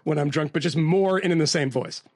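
A man's voice: a little high, a little fast, no echo, studio quality. A man co-hosting a casual podcast chat, with a slightly affected Mid-Atlantic lilt, wry and self-mocking, often laughing mid-sentence. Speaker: podcast co-host.

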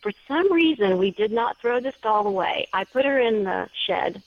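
A woman's voice: mid-range voice, expressive, moderate pace, dry recording. A woman author telling a story as an interview guest, chatty and earnest. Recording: dull dry lo-fi sound.

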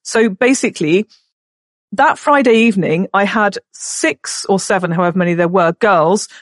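A woman's voice: mid-range voice, normal speed, dry recording, studio quality. A middle-aged woman, a podcast guest who tells a story and acts out the voices in it. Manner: animated, acts out the voices in her stories.

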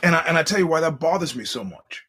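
A man's voice: a little high, sing-song, fast talker, pushed and bright, husky. A man hosting a podcast, telling a story in a rambling, casual monologue and acting out the quoted voices. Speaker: podcast host.

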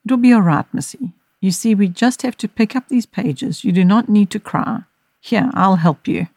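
Gentle caring mother, soft and reassuring, voiced by a woman narrator, dry close sound. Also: mid-range voice, moderate pace, vocal fry, no echo, voice pushed up. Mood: soothing. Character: gentle, caring mother soothing her daughter.

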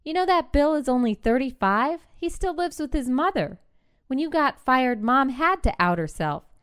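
A woman's voice: high-pitched, sing-song, moderate pace, clean tone, voice pushed up. A woman voicing a frustrated grown daughter who presses her father with pointed questions, in a storybook reading. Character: young adult daughter, blunt and frustrated.

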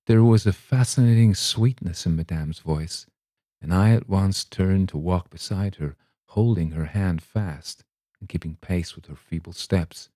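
Deep, mellow male story reader. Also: unhurried, no room sound, studio quality. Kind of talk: storybook reading.

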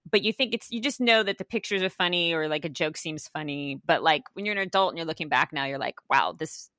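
A woman's voice: deep voice, fast talker, bright, forceful tone, no room sound, studio quality. A woman hosting a casual talk show, chatty and giggly, with lots of "like" fillers. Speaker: podcast host. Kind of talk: casual conversation.

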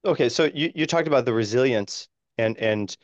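A man's voice: medium pitch, a little fast, no echo. A male podcast host who stops and restarts his phrases as he thinks aloud while summing up his guest's point. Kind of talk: interviewer summing up and asking. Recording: dry, dull lo-fi sound.

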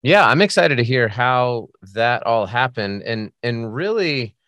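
An American man hosting a podcast interview, upbeat and joking with quick asides. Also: medium pitch, expressive, a bit bright, dry recording. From United States. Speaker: podcast host. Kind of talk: casual interview chat.

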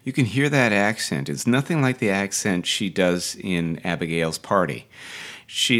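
A man's voice: fairly low pitch, animated, normal speed, fairly bright tone. Enthusiastic rambling acting coach, a man. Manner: enthusiastic, rambling with restarts and digressions. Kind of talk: casual teaching podcast.

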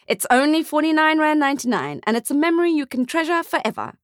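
A woman's voice: high-pitched, animated, fast, dry recording, clean studio sound, pitched above the performer's own voice. A woman voicing a pushy, greedy male photographer with a smarmy, sneering sales patter.

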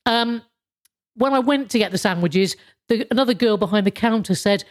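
A British woman talks through a loose, rambling podcast monologue. Her voice sits a little on the high side, and she chuckles and swears freely as she goes. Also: moderate pace. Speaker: podcast host. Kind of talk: casual monologue.

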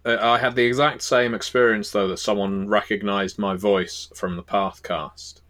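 A man's voice: fairly low pitch, flat delivery, moderate pace, fairly bright tone. A man from Scotland co-hosting a podcast in casual chat, with a dry, teasing humor. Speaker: podcast co-host.

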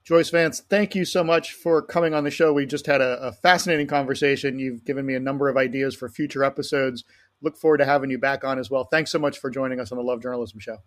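A man's voice: mid-range voice, fairly even intonation, quick pace. A man with a mid-range voice hosts a podcast interview. He works his way through long questions hesitantly, with many ums and you-knows. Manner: hesitant, filler-heavy questioning. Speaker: podcast host.

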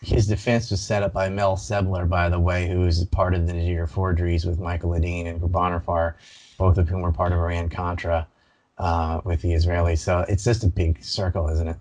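A man's voice: low-pitched, level tone, normal speed, darkish tone. A man talking casually on a video call, rattling off dense information with many fillers. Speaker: podcast host. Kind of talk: casual interview talk.

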